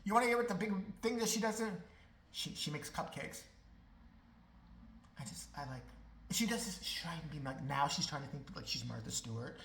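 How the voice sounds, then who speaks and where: A woman's voice: low voice, expressive, quick pace, vocal fry, reverberant, slight background noise, rough recording. A woman vlogger giving a profane, sarcastic ranting commentary full of mockery.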